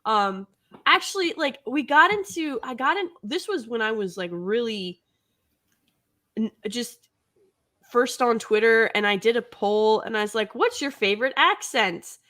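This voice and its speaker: A woman from the American Midwest co-hosting a podcast, chatting casually and excitedly, laughing often and jumping up in pitch when she tells a story. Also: a little slow. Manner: bubbly, laughs often, voices swing high. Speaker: podcast co-host. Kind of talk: casual chat.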